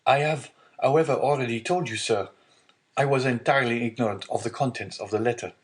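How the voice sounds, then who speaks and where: A man's voice: mid-range voice, a little fast, voice pushed up, natural voice. A man voicing an earnest, anxious young male sailor in a read-aloud storybook, in a slightly raised voice.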